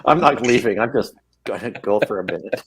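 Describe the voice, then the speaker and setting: A man's voice: fairly low pitch, expressive, a little fast, background noise. A man who is a guest on a livestream, gushing and emotional in casual chat and repeating himself. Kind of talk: casual late-night chat.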